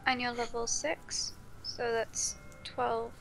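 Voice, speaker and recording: Gravelly-voiced woman playing a tabletop game. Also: on the high side, flat delivery, takes it slowly, faint music behind, poor audio. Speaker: player. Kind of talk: casual tabletop game play.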